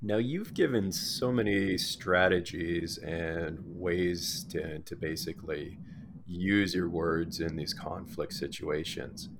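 A man hosting an interview, asking questions in a measured, affirming way. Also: sits low. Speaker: podcast host. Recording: noisy background.

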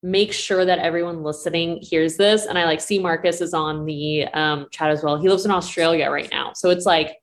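A woman co-hosts a live online chat as a breathing coach. She talks in lively, excited bursts and leans on "like" as a filler. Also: low-pitched, moderate pace, few pauses. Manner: animated, lots of "like" fillers.

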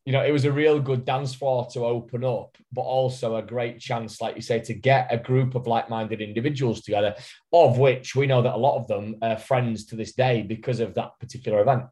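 A man's voice: medium pitch, fairly even intonation, a little fast, mellow. A man from the north of England with a Northern English accent, a fitness coach co-hosting a podcast and chatting enthusiastically. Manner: chatty, enthusiastic, laughs easily. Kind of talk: casual chat.

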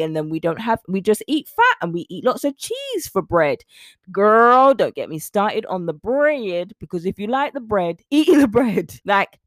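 A nutrition coach talks to the listeners of her own podcast in a relaxed solo monologue, animated, chatty, and quick to laugh. Her pitch is medium, and the recording is dry with clean studio quality.

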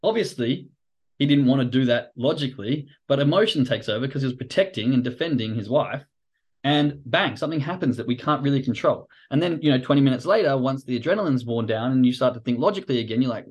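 A man's voice: medium pitch, brisk. Casual man explaining trading psychology. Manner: casual, animated, acts out quoted reactions; swears casually. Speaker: podcast host and trading coach. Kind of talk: livestream explainer talk.

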